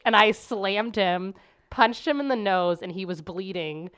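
A woman's voice: medium pitch, unhurried, a bit bright, clean tone. A woman podcast host telling a story in casual chat, rambling with lots of "like" fillers. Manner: rambling, full of "like" fillers, acts out quotes.

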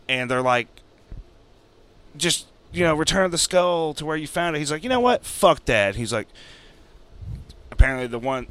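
A man's voice: sharp tone, smooth. A young man co-hosting a podcast, casually retelling a story with lots of swearing and voicing the characters in it. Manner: rambling, swearing, acts out characters with jumps in pitch. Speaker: podcast co-host.

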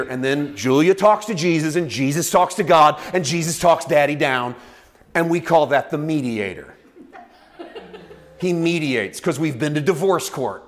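Guy preaching in church, chatty and animated, kinda high voice. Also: moderate pace. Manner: conversational, animated, with acted asides. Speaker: pastor. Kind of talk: sermon.

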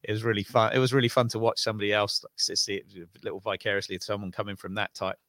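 A man's voice: lowish voice, steady tone, rapid-fire, a bit bright, dry recording. A British man chatting cheerfully as a guest on a casual podcast, often repeating words as he talks. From Britain. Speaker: guest, shop owner.

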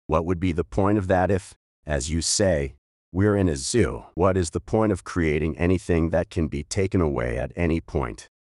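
A young woman full of hurt and despair, asking questions that have no answers, read by a male narrator. The voice stays low, with a plaintive, questioning tone. The recording is dry and close. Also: normal speed, darkish tone, dry recording. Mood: anguished.

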